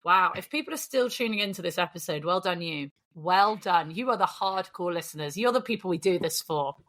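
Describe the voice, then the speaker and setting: A woman's voice: fairly low pitch, animated, fairly quick, a bit bright. A woman hosting a casual podcast, teasing her co-hosts in a dry, bossy way. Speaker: podcast host. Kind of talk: casual chat.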